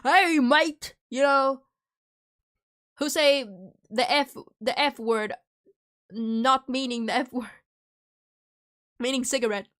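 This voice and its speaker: Young female streamer with a slightly high voice, loose rambling banter while snacking. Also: fairly even intonation, a little slow, pauses often, a bit bright. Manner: rambling, joking, chewing candy while talking. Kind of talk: casual livestream chat.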